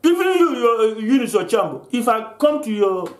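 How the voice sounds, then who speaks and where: A man's voice: high voice, normal speed. An older man from Africa delivering an angry vlog rant, accusing and full of repeated restarts. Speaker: vlogger. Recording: roomy echo.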